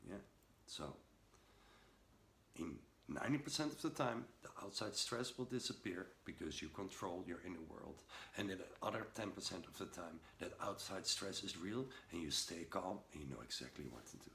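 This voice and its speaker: A man's voice: low voice, lively intonation, fairly bright tone. Earnest man coaching breathwork, roomy echo. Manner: earnest, emphatic, slowing down on key words. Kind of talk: motivational talk to camera. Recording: roomy echo with faint background noise.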